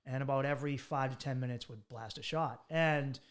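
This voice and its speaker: A man's voice: mid-range voice, a little fast. An American man hosting a podcast, joking around, swearing, and acting out other people's lines while he tells his own stories. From United States. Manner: joking and chatty, swears and acts out quoted voices. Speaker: podcast host. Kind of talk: casual podcast conversation.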